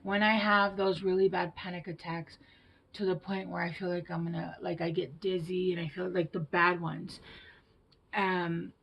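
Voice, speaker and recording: A woman giving a tarot reading to her viewers, gentle and reassuring, with hushed whispered asides. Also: lowish voice, little pitch movement, moderate pace, creaky, highs cut off, a little hiss or hum. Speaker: tarot reader.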